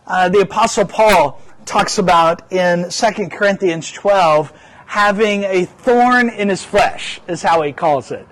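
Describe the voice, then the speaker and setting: A man's voice: high-pitched, a bit bright, poor audio. A pastor preaching a sermon in an earnest manner, often repeating words as he presses a point.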